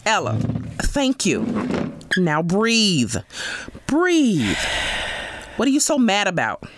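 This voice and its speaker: A woman playing a firm, worried mother in an acted skit, giving calm-down commands. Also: medium pitch, takes it slowly, noisy background.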